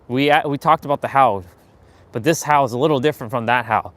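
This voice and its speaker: A man's voice: medium pitch, fast talker, fairly bright tone, no room sound. A man hosting a live stream, giving a casual motivational monologue in a blunt, profane way and acting out bits of small talk.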